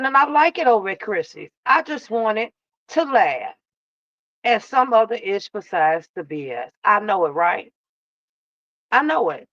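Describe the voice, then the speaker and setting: A woman hosts a casual live reaction stream in a drawling, sassy manner, calling her viewers baby and love. Her voice is a little high with a fairly bright tone. The dry, close recording has a dull, lo-fi edge.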